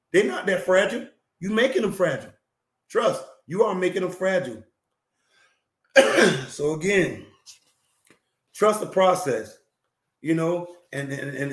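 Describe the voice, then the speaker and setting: A male talk show host giving emphatic, preachy relationship advice, repeating phrases and often clearing his throat. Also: sits high, reverberant.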